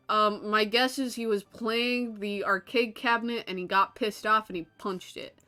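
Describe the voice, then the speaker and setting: A woman streamer giving casual, gushing commentary with quick asides and swearing while playing a game. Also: mid-range voice, steady tone, pushed and bright, smooth, no room sound, faint music behind.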